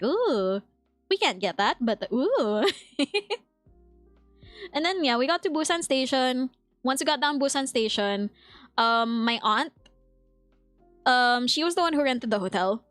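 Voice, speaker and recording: A woman's voice: fairly high pitch, unhurried, pauses often, fairly bright tone, dry recording, soft background music. A young woman with a Filipino accent, chatting casually as a streamer, laughing often and reading chat aloud. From Philippines. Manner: reads chat aloud and answers it.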